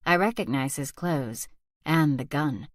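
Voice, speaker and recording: A woman reading a first-person thriller audiobook aloud as narrator in a soft, steady whispered role-play. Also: deep voice, measured pace, no room sound, studio quality. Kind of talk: scripted narration.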